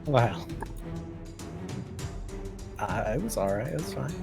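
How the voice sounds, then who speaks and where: A man's voice: medium pitch, slow pace, creaky, over music. A man playing in a tabletop game, chatting casually and joking with the table. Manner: joking, lively back-and-forth. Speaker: player.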